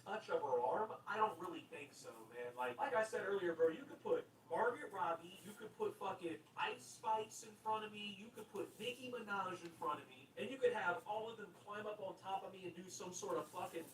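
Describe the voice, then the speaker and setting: A man's voice: high voice, fairly quick, few pauses, a bit bright. Rambling young man in an echoey room. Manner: rambling, profane, fillers of like and bro. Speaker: commentary channel host. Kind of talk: casual commentary. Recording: echoey room, mic at a distance, faint noise.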